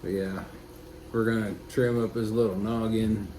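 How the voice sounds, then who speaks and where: A man's voice: fairly low pitch, level tone, normal speed. A man, chatting casually to the camera and his dog while he grooms it indoors. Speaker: dog groomer and pet owner. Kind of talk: casual vlog narration. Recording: echoey room with loud ambient noise.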